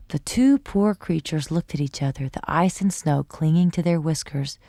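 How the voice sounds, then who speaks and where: A woman reading a bedtime story aloud to children in an expressive, lively way. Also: deep voice, moderate pace, hardly any pauses, no echo, studio quality.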